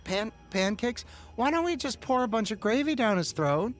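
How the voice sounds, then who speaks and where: Man playing an impatient mom, sarcastic and bossy, with a lively voice. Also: high voice, moderate pace, pitched above the performer's own voice. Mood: scolding. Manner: sarcastic, scolding.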